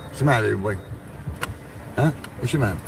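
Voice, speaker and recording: A man's voice: fairly low pitch, rapid-fire, gravelly, music in the background, low-quality recording. A man calling into a livestream from a car, chatting in a laid-back, rambling and profane way. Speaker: livestream guest. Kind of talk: casual livestream chat.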